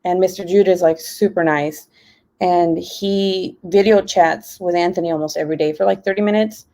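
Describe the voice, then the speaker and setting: A young woman talks into her laptop from home, casual and rambling. Her voice is warm and mellow, and she laughs easily between her "like"s. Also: lowish voice, steady tone, moderate pace. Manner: chatty, many "like" fillers, laughs often. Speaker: live stream host. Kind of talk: casual chat while crafting.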